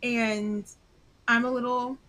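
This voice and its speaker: Bright-voiced Southern woman recapping a book. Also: on the high side. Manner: animated, recaps plot with quick asides and restarts. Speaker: podcast co-host. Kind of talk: casual book club chat.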